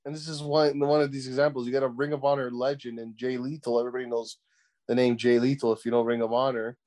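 A man co-hosting a casual podcast chat, excitable, swearing freely and padding his talk with filler words. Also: mid-range voice, fast. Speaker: podcast co-host.

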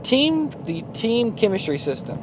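A young man hosting a casual sports podcast, chatty and joking, with animated rants. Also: very high-pitched, measured pace, a little hiss or hum. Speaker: podcast host.

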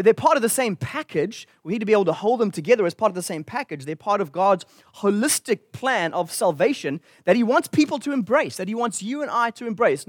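Male pastor, high-pitched, earnest conversational sermon delivery. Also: dry recording, clean studio sound. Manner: earnest, conversational preaching with restarts.

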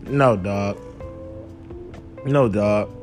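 A young man hosting a casual talk show, telling loose, profane stories in a relaxed way that breaks into loud, animated outbursts. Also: on the low side, very slow, music in the background. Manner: relaxed, laid-back while smoking. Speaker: podcast host. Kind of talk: casual storytelling monologue.

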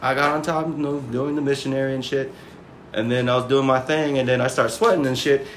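A man's voice: mid-range voice, fairly even intonation, fairly quick. Brief: casual male podcast guest, laughing storyteller, light room noise. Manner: laughing, acts out quotes in raised voice.

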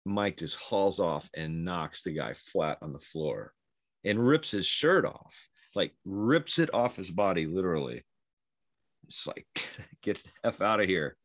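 Brief: man, low voice, very animated delivery, dry close mic, rambling storyteller. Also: slow pace, no room sound. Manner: rambling, laughs while telling stories. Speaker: podcast co-host, former Navy SEAL. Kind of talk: casual storytelling chat.

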